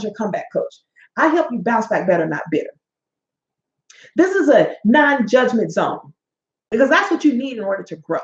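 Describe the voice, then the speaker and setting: A woman in her forties, a life coach and host, giving a preachy motivational talk that is full of stories. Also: fairly high pitch. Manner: sassy, preachy, tells stories with acted-out quotes. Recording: echoey, dull-sounding room.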